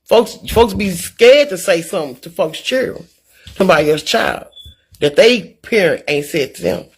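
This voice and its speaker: A woman talking casually to her viewers in a vlog, in an animated, preachy, folksy way. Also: on the low side, moderate pace, breathy edge. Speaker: vlogger. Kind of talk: casual talk to camera.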